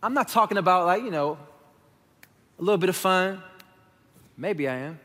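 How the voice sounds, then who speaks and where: A male pastor with a fairly high voice delivers a frank, talky sermon in a church sanctuary. His voice trails off into a long hall reverb. He speaks to the congregation directly and casually. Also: lively intonation, normal speed, bright, forceful tone. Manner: conversational and candid, addressing the congregation as y'all.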